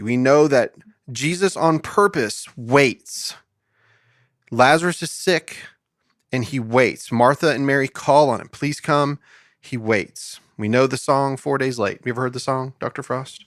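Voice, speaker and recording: Guy hosting a bible study chat, reads verses slow and deliberate, dry close mic. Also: mid-range voice, no echo. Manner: reads scripture aloud slowly and asks questions. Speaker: podcast host. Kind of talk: casual Bible study conversation.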